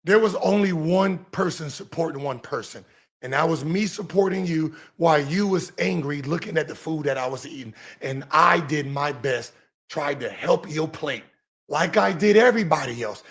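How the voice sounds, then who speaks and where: High-voiced man ranting and mocking. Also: moderate pace. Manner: mocking, animated, breaks into sing-song teasing. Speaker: podcast host. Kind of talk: heated commentary.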